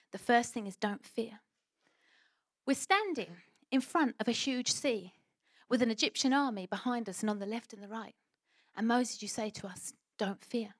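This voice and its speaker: A woman preaching a sermon and telling a lively personal story, acting out what people said. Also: on the high side, dry recording. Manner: animated storytelling, acts out quoted voices.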